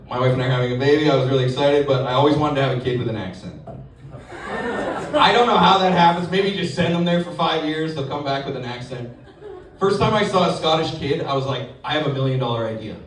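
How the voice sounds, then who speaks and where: A man performing a stand-up comedy set, telling animated stories and acting out voices. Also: fairly high pitch. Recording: echoey club, distant mic, audience laughter.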